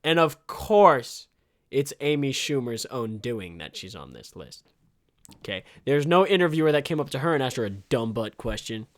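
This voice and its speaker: Animated sarcastic young man. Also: mid-range voice, normal speed. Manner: animated, sarcastic, swears freely. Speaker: podcast host. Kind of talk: casual comedic commentary.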